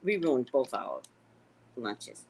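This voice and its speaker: On her casual livestream, a psychic host reads viewer comments and tells stories with lively, animated flair, swearing playfully and making sharp leaps in pitch. This American woman has a husky voice and draws out her words, heard through a rough recording.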